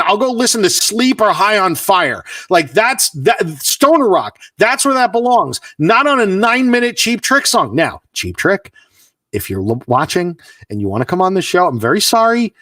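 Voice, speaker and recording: A man's voice: high voice, big pitch swings, normal speed, a bit bright, dry recording, studio quality, distant mic. A man co-hosting a music podcast, arguing his point in a mock-exasperated rant during a casual debate. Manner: mock-exasperated, argumentative ranting. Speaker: podcast co-host.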